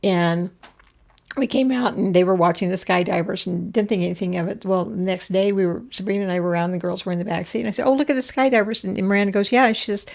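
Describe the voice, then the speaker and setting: An older woman guest in a casual interview, telling family stories in an animated way and acting out the voices of the people she quotes. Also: lowish voice, quick pace, gravelly.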